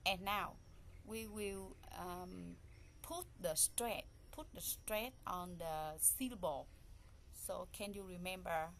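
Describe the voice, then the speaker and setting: Woman English teacher, unhurried, repeats words aloud, faint room noise behind. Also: lowish voice, gravelly, a bit bright. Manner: repeats each word slowly, counting syllables aloud; simple, non-native phrasing. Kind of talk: classroom pronunciation lesson.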